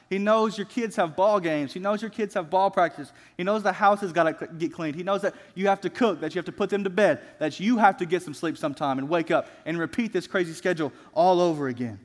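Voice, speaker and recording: A young adult man preaching a sermon as a student pastor, earnest and exhorting, slowing down for emphatic phrases. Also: fairly high pitch, big-room sound.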